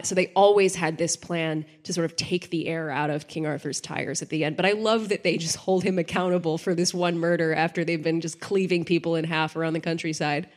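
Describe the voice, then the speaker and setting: A woman co-hosting a casual podcast, talking enthusiastically about an old comedy film's early scripts, with frequent fillers. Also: lowish voice. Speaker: podcast co-host.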